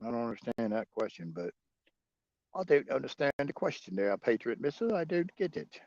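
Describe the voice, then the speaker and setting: A man's voice: mid-range voice, sing-song, a little fast, creaky, a little mellow, no room sound, highs cut off. A man hosting a livestream, chatting casually and profanely with viewers and chuckling often. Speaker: livestream host.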